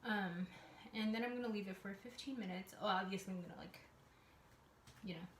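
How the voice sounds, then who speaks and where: A woman's voice: medium pitch, fairly quick, slight background noise. Chatty young woman vlogging at home. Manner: chatty, rambling, with many fillers. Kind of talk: casual vlog chat.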